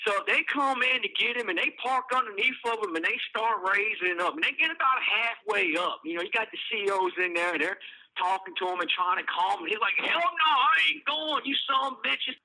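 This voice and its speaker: Bright-voiced man telling rough stories. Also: sits high, brisk, poor audio. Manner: rambling, profane, laughing at his own story. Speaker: podcast host, prisoner telling stories. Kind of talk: casual storytelling.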